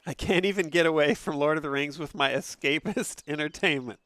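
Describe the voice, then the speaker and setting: A man casually commentating a game stream from an upstairs room at home, excitable and profane, laughing often. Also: on the high side, brisk, no room sound.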